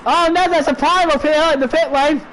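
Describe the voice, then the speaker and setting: A young man with a British accent calls an online race in a strikingly high voice. He exclaims and laughs his way through crashes and pile-ups. A faint hiss sits under the recording. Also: fairly even intonation, a little fast, a bit bright, rough recording. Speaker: race commentator. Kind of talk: sim racing commentary.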